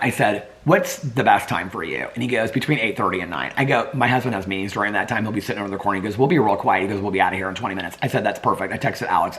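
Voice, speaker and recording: A man vlogging at home, telling a long story to his camera in a bright, forceful voice. He is chatty and animated, laughs often and acts out the people he quotes, with his pitch swinging widely. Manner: drops to a hushed whisper near sleeping dogs. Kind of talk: casual vlog storytelling.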